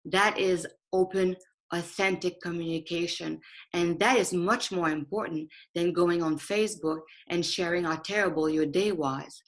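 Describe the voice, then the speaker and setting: A woman's voice: lowish voice, steady tone, normal speed, rough recording. Earnest woman talking about honesty. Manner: earnest, emphatic, acts out her own inner thoughts. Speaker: speaker in a conversation. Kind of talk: reflective conversational talk.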